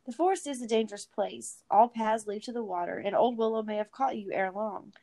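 A woman's voice: a little high, a little fast, warm tone, close to an everyday voice. A woman voicing a merry old male forest spirit who plays host, with a sing-song, old-fashioned, kindly way of talking. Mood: merry, gentle.

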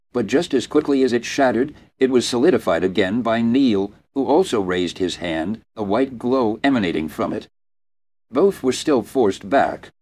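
A male audiobook narrator with a fairly low voice, reading fantasy fiction. He tells the story in a steady, even manner. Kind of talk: scripted narration.

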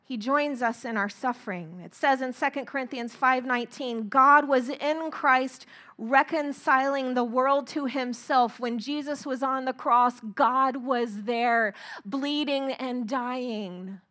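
A middle-aged woman preaching a sermon, earnest and emphatic, slowing down to stress key phrases. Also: sits high, pushed and bright. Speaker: speaker.

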